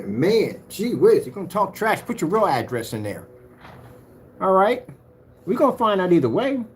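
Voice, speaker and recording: A man's voice: high voice, very animated, moderate pace, a little hiss or hum. Taunting man ranting to his viewers. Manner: taunting, mocking, swings between loud and muttered. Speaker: vlogger. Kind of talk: ranting monologue to camera.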